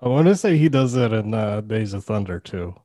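Talking films with his podcast co-host, a man rambles casually, fills his sentences with "like" and laughs a lot. He has a lowish, warm voice, animated at a moderate pace, captured in a dry, clean studio recording.

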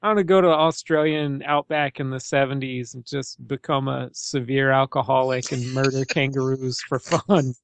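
A man's voice: medium pitch, fairly even intonation, moderate pace, hardly any pauses, no room sound. A young man co-hosting a podcast, chatting casually about a film, laughing often and swearing freely. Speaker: podcast co-host. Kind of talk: casual film-discussion chat.

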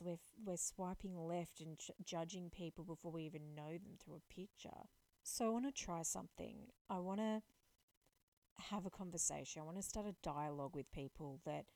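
A woman's voice: lowish voice, warm tone, no echo, low-quality recording. An Australian woman in her late twenties gives an earnest, reflective personal talk that builds to emphatic calls to action. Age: late 20s.

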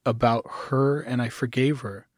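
A middle-aged man in an interview, telling his own story in a halting way, often restarting, sometimes acting out the voices he quotes. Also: mid-range voice, steady tone, a little mellow, no room sound, studio quality. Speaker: guest.

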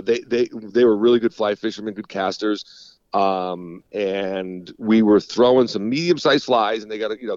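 A man, a fishing guide, talking in a rambling, relaxed way on a casual phone interview, swearing now and then. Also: sits low, no echo, highs cut off. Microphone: phone call.

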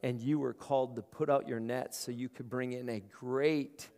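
A man's voice: mid-range voice, steady tone, normal speed, darkish tone. A male pastor preaching a conversational sermon, often repeating words as he starts his phrases. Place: large room. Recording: long hall reverb.

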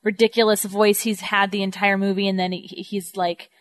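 Woman, podcast co-host, wry, measured, casual film talk, dry recording. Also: mid-range voice, level tone, no echo.

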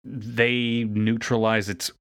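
A man's voice: medium pitch, flat delivery, slow, fairly bright tone, smooth. A man co-hosting a podcast, casually recapping a cartoon episode with frequent laughs and fillers. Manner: chatty, laughs often, many fillers. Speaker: podcast co-host.

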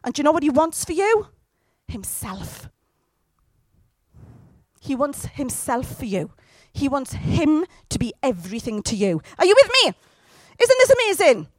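A woman preaching a sermon, speaking lively and directly and often asking her listeners questions. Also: high voice, unhurried, pauses often, no room sound.

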